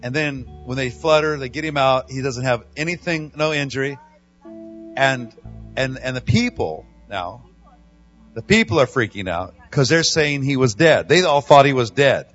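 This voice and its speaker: A man's voice: mid-range voice, lively intonation, moderate pace, a bit bright, highs cut off, soft background music. A male host in a casual interview who sums up the guest's story in plain words.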